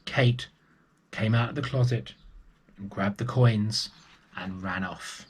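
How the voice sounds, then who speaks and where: A man reading a picture book aloud to young children, gentle and unhurried. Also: fairly low pitch, background noise. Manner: gentle and unhurried, with small restarts.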